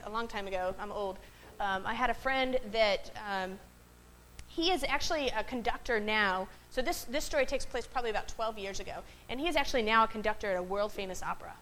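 A woman's voice: on the high side, quick pace, a bit bright, a little hiss or hum, low-quality recording. A woman pastor gives a conversational sermon to a congregation in a worship space. She often asks the room questions and checks in with "right?" between points.

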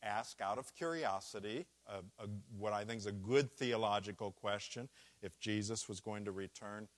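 A man preaching a sermon, walking through a scripture passage and leaning hard on key words. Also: lowish voice. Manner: slow, deliberate preaching with stressed key words. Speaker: pastor.

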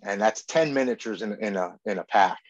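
A man's voice: lowish voice, a little fast, no room sound. A man in his forties, a podcast guest, earnestly telling his personal recovery story and acting out the things he and others said. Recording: dull, muffled podcast audio.

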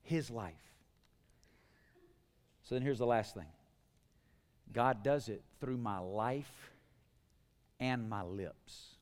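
A man's voice: medium pitch, slow pace, pauses often. Emphatic preacher man in a reverberant hall. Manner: emphatic, swings from hushed to loud repeated lists. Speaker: pastor. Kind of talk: sermon.

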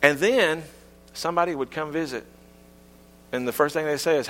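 A man's voice: fast, long pauses, long reverb tail. A middle-aged man preaching a sermon in a folksy, humorous storytelling manner. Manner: folksy, humorous storytelling with lively pitch swings. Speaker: pastor.

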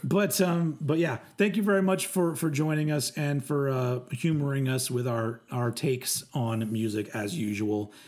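A man's voice: medium pitch, steady tone, unhurried, hardly any pauses, darkish tone. A man from Texas co-hosting a music podcast, rambling in casual chat, swearing freely and restarting his sentences. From Texas, USA. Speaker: podcast co-host.

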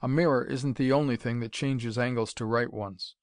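A man's voice: mid-range voice, steady tone, moderate pace, clean tone, dry recording, close to an everyday voice. A man voicing a bold young male inventor who speaks with a dry, wry edge.

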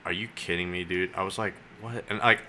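A young man tells a story on a podcast in an animated way, playing both sides of his phone calls with real flair. His voice sits a little low, but its tone is very bright and sharp. A faint hiss runs underneath. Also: brisk. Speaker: podcast guest. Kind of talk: casual storytelling.

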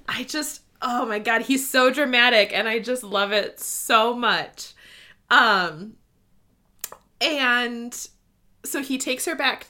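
Bright-voiced gushing woman in casual chat. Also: on the high side, slow. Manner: gushing, animated, swears freely, reads passages aloud. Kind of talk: casual book discussion chat.

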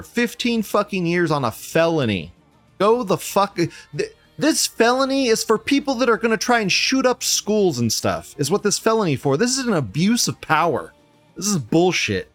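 A man's voice: sits high, wildly swooping pitch, normal speed, fairly bright tone, no echo, soft background music. A man hosting a news commentary show in a casual, profane, mocking rant, laughing often.

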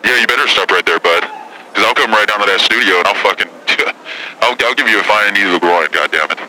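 A brash, foul-mouthed celebrity woman caller, put on by a man who rambles, curses and picks fights. The voice sits low, with a sharp, tense edge on every line. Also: a little fast, a little hiss or hum, rough recording. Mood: combative. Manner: profane, combative, rambling. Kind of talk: prank call impression.

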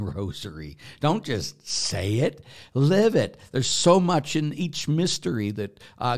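Folksy, animated priest. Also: male voice, fairly low pitch. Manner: folksy and joking, emphatic bursts. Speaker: Catholic priest. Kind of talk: informal preaching talk.

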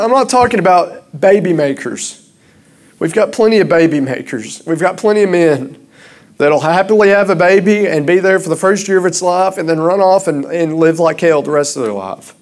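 A man preaching a sermon, starting out halting and rambling, then growing louder and impassioned. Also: high-pitched.

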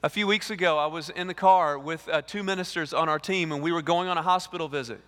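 Guy preaching, animated, keeps repeating himself, long hall echo. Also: a little high, quick pace, smooth. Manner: animated, repeats words, acts out dialogue. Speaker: lead pastor. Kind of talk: sermon. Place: church sanctuary. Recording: reverberant church hall.

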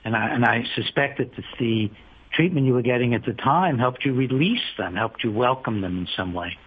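A man, a psychiatrist guest in an interview, speaking in a thoughtful, measured and slightly hesitant way. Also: mid-range voice, slightly rough. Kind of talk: conversational interview. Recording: phone-like lo-fi radio audio.

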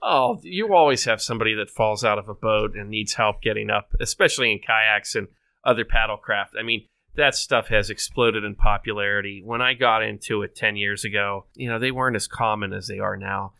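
A man who is a guest on a casual podcast, patiently explaining details. His voice is smooth and bright, recorded close and dry. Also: lowish voice, brisk, dry recording. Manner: explanatory, informative.

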